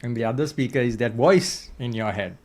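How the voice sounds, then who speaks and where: Male podcast host, mid-pitched, thinks out loud, fills with "uh", checks in with "right?". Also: fairly quick. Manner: reflective, hesitant fillers, frequent tag question "right?". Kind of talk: casual interview conversation.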